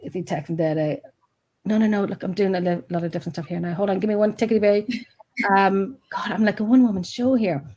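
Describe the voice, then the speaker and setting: A woman's voice: medium pitch, fairly even intonation, fast, dark tone. A woman, a paranormal investigator, chatting on a podcast in a rambling way, often breaking off mid-sentence. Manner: chatty, rambling, self-interrupting. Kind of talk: casual chat.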